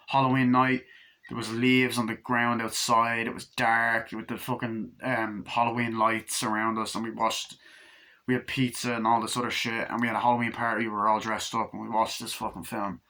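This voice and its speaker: A man giving a casual, rambling movie review, swearing often and acting out scenes in quick put-on voices. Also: mid-range voice. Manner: excited, rambling, swears a lot, acts out scenes.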